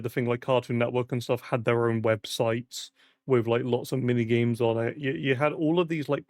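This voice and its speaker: Sweary British streamer, dry close mic. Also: male voice, medium pitch, dry recording. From Britain. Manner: rambling, sweary, with frequent fillers. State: voice cracking from the heat. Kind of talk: casual live-stream chat.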